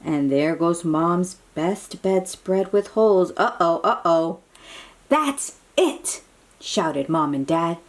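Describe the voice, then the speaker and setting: A woman's voice: lowish voice, takes it slowly, few pauses. A woman reading a picture book aloud to young children, with exclamatory, chatty asides to her little listeners. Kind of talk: read-aloud storytelling for children.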